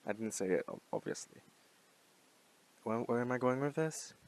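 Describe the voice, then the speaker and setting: With a mid-range voice, lively intonation, and a slightly fast pace, this young male language-learning vlogger in his twenties delivers a loose, unscripted monologue. Expect rambling, many fillers, casual swearing, and frequent laughter.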